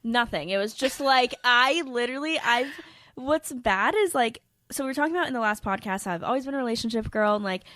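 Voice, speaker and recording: A woman's voice: fairly high pitch, expressive, a little fast, a bit bright, no room sound. A young woman in her twenties hosting a podcast, chatting casually and animatedly, full of "like" fillers. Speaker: podcast host. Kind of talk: casual chat.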